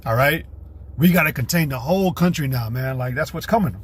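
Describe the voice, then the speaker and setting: Husky-voiced man preaching on a livestream. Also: medium pitch, fairly quick, fairly bright tone. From United States. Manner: profane, blunt ranting that alternates with reading scripture aloud. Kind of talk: casual livestream preaching with scripture reading. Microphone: streaming setup.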